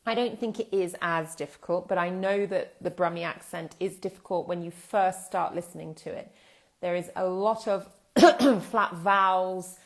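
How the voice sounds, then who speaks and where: A British woman teaching English in a live online lesson, speaking in a thoughtful, explanatory way with pauses and fillers. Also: fairly low pitch, creaky.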